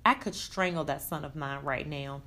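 A woman reading aloud, voicing a warm, motherly older woman who comforts her future daughter-in-law in a soothing, tender way. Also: low-pitched, moderate pace.

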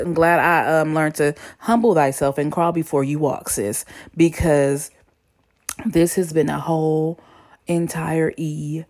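A young woman talks straight to her viewers, relaxed and full of slang. Her voice sits a little low, and she tells her story with lively, animated energy. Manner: chatty, slangy, animated retelling. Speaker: vlogger. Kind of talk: casual storytelling to camera.

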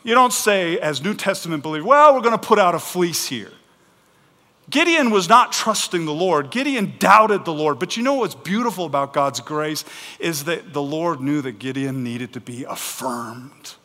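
Male pastor, fairly high voice, animated preaching that swings loud and soft, long hall reverb. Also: normal speed. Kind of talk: sermon.

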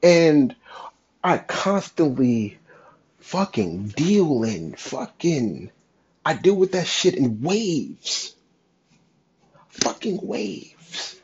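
A young man talking in a raw, halting, emotional confessional monologue, cursing often. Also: on the high side, sing-song, darkish tone, husky. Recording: dull lo-fi sound.

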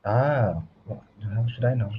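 A man's voice: medium pitch, animated, a little slow, slightly rough, lo-fi sound. A man co-hosting a casual podcast chat, joking and teasing. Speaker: podcast co-host.

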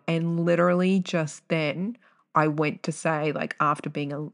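A young woman hosting a casual solo podcast, rambling off on tangents with loud bursts of exclamation. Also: deep voice, fairly even intonation, unhurried. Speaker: podcast host.

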